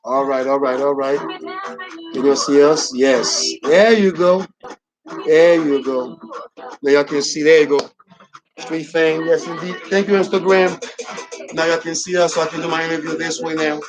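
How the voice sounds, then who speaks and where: Chatty radio host over music. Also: male voice, on the high side, steady tone, normal speed, pauses often, rough recording. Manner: loose, chatty, talking to the live audience. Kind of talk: live-streamed radio talk. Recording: music playing under the voice.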